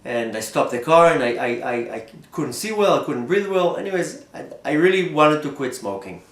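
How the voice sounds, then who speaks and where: A man's voice: a little high, moderate pace. Man telling a story in a roomy echo. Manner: animated, repeats and restarts words. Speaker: rabbi. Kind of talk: storytelling talk.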